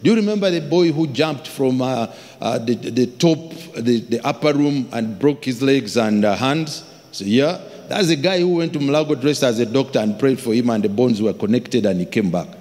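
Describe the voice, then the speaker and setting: A man preaching a sermon as a pastor, telling stories with acted-out voices and sudden shouts. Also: medium pitch, moderate pace. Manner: animated storytelling, acts out voices, shouts for emphasis. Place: large church hall. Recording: long hall reverb.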